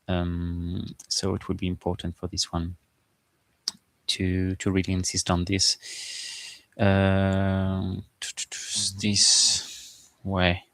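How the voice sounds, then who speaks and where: A man as game master, talking through his game prep in a halting, informal, think-aloud way. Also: deep voice, completely flat delivery, a bit bright, no echo. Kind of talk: casual game prep screen-share.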